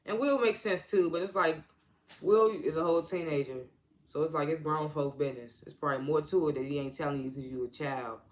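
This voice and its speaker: A man's voice: on the high side, brisk. A man casually recapping a TV episode in a rambling, slangy way, full of "like" and restarts. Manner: rambling, heavy use of "like", restarts; slangy, informal grammar. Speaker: TV episode reviewer.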